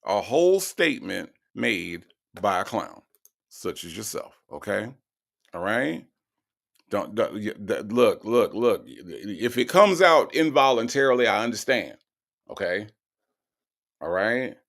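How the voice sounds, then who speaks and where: Creaky, lively-voiced male stream host. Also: on the low side, measured pace. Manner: drawling, repeats himself, teasing. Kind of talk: livestream commentary reading chat.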